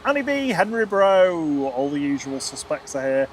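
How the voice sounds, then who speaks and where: Man, live stream host, cheerful, high-pitched, outdoors, faint noise. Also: sing-song, normal speed. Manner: upbeat, greets chat viewers by name. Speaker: livestream host. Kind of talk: live plane spotting stream chat. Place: outdoors at an airport.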